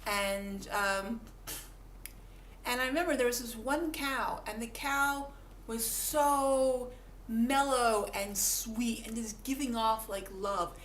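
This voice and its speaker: A woman vlogger takes it slowly, her voice on the high side with a fairly bright tone. Talking casually to camera, she's chatty and self-mocking, often repeats words, and does small voices for animals. The recording has room echo and faint background noise.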